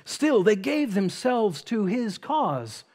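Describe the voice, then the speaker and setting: A man preaching a sermon as pastor, speaking emphatically with dramatic pauses and rising intensity. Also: high-pitched, big pitch swings, darkish tone. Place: church sanctuary.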